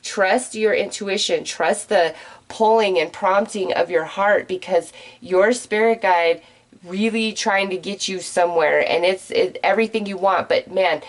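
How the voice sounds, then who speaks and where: A woman giving a general tarot reading straight to her viewers, excitable and gushing, talking in quick bursts. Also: medium pitch, rough recording. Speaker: tarot reader.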